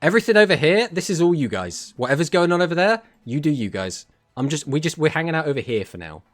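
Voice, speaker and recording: A man's voice: on the high side, sing-song, fast talker, faint music behind. A man with an English accent, casting a card tournament on a live stream, chatting and joking as he reads out and answers messages from his chat.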